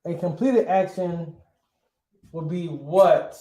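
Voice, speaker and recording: A man's voice: fairly high pitch, slow pace, mellow, reverberant. A male teacher giving a grammar lesson, asking his class questions and answering them himself, often checking with "right?".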